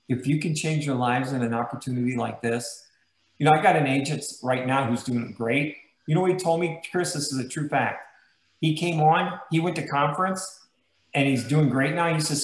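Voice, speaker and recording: A man with a fairly high voice gives a motivational talk to sales agents. He tells stories with emphatic, emotional energy. The room around him is echoey and roomy. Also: a little fast. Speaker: guest host.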